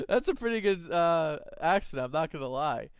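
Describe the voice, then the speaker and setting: Man, co-host, animated sports chat, smooth clear voice, dry close sound. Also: on the high side, no echo. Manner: animated, laughs easily, opinionated. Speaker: fantasy football co-host.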